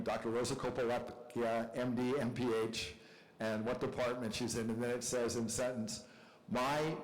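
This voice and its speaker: An older man gives a university lecture. He talks in a loose, conversational way, joking and turning to the audience with questions. His voice sits at a middle pitch. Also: rough recording. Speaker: visiting professor lecturing.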